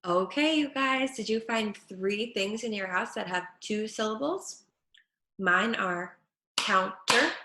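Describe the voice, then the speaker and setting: A woman speech therapist teaching children at home, saying each word slowly and clearly. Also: mid-range voice, bright, forceful tone. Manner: slow, clear over-articulation of words. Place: her home kitchen. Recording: echoey room.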